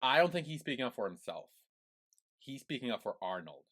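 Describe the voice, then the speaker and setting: A man's voice: mid-range voice, very animated, brisk, a bit bright. A man co-hosting a casual podcast, retelling scenes in a chatty storytelling way. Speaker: podcast co-host. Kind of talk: casual recap chat.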